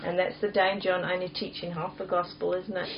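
Casting: woman, lowish voice, Bible chat co-host, punchy scripture reading, dull lo-fi recording with faint hiss. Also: little pitch movement, brisk. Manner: reads scripture aloud with emphatic punch, laughs often. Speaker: Christian podcast co-host.

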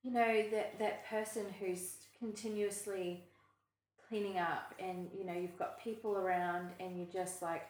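An earnest woman co-host shares her own struggles in a relaxed faith podcast. She talks in loose, searching phrases that restart and trail off. The room rings around her. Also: mid-range voice, a little slow, reverberant, slight background noise, poor audio. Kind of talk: casual Christian podcast chat.

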